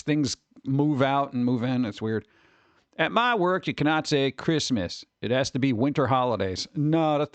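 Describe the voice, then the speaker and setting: Male streamer, rambling chat voice, very lively and up high. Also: no room sound. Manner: rambling and animated, reads chat aloud. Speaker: live streamer chatting with viewers.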